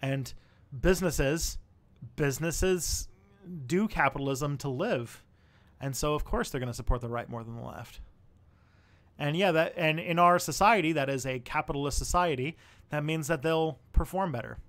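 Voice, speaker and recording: A man's voice: a little high, normal speed, fairly bright tone. A young man hosting a casual livestream, answering viewer questions in a rambling way, thinking aloud with fillers and restarts.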